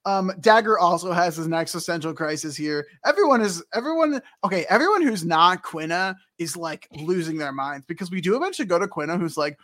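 A man's voice: high voice, lively intonation, a little fast, hardly any pauses, pushed and bright. A man co-hosting a casual podcast recap, chatting animatedly and acting out characters in silly voices. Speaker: podcast co-host.

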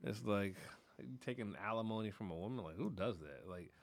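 A man co-hosting a podcast, telling stories in a loud, animated, profane way and laughing often. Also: on the low side, fairly quick. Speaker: podcast co-host. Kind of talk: casual chat.

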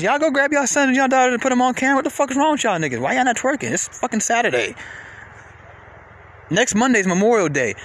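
A man rants at full tilt from inside a vehicle, his high, bright voice leaping up and down as he swears and repeats himself. His talk is loose and animated, like an exasperated podcast host. A faint hum of the vehicle stays underneath. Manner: animated, profane, repetitive, with sudden pitch jumps. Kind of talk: casual rant.

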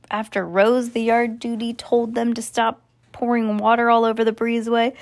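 Mom reading a kids' book aloud. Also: female voice, a little high. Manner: relaxed, chatty asides.

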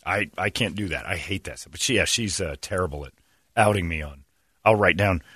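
A middle-aged man hosting a radio show, telling funny stories in an animated way and acting out the voices of people in them. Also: low-pitched, fairly quick, breathy edge, no echo, clean studio sound. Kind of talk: casual comedic storytelling.

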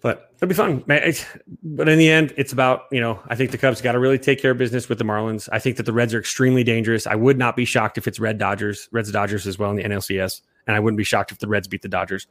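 A young man co-hosting a casual sports chat, rambling and jokey, quick to laugh. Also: medium pitch, steady tone, fairly bright tone, no echo. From Chicago area. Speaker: sports podcast co-host.

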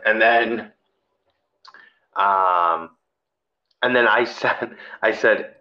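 A man co-hosting a podcast, telling a story in casual chat, animated and laughing often, his voice jumping high when excited. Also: takes it slowly, long pauses, highs cut off. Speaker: podcast co-host.

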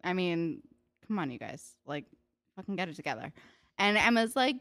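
A woman's voice: on the low side, sing-song, fairly quick, fairly bright tone, no room sound. A young woman co-hosting a casual chat, blunt and sweary, with dry asides about the characters. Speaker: podcast co-host recapping a TV episode.

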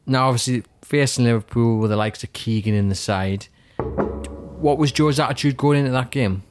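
A man's voice: medium pitch, moderate pace, background noise. A man interviewing, leading into his questions with hesitant fillers.

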